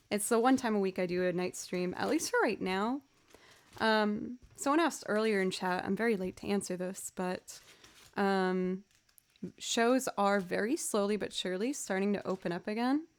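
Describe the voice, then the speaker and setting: A woman's voice: mid-range voice, normal speed. A woman chatting casually on a livestream, tired and yawning, rambling and thanking viewers as she goes. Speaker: streamer and musician.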